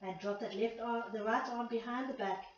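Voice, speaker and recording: A woman's voice: on the high side, moderate pace, slight background noise. A woman leading a pilates class, counting reps and a bit out of breath as she exercises along. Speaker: pilates instructor. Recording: echoey room, distant dull mic.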